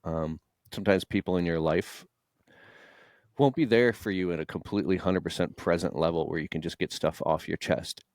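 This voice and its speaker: Casting: low-voiced man, late 30s, open and emotional, salty language, dry close sound. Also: moderate pace, a little mellow, dry recording. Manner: raw, emotional, swears freely, mimics voices. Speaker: guest entrepreneur. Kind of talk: candid conversational storytelling.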